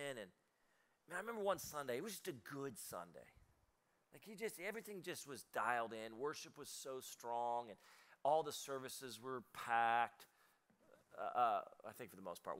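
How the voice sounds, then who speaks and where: A male pastor preaches a live sermon in a church auditorium, his medium-pitched voice fairly bright in tone. He tells stories loosely and conversationally, adding laughing asides.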